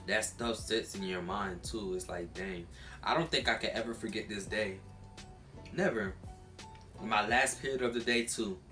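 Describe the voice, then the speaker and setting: Young man rambling in a bright voice. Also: on the low side. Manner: rambling, filler-heavy storytelling; often repeats himself and restarts. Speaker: vlogger. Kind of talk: casual storytime while eating.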